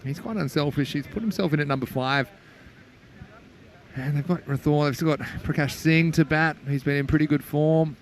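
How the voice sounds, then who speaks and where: A man giving live cricket commentary in a chatty way, rising with excitement when a wicket falls. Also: on the high side, moderate pace, slight background noise.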